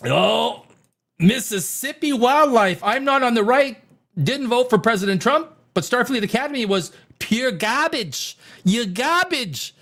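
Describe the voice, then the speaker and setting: A man with a high, very lively voice hosts a casual live show. He rants crassly and excitedly, and his pitch swings all over as he talks. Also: a little slow, creaky. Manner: excitable, crass, laughs often. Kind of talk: casual ranting live-stream commentary.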